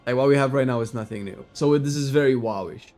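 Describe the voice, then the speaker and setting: A man chatting casually as a gaming streamer, rambling and excitable, swearing loosely and breaking into sudden shouts. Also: mid-range voice, fast, soft background music.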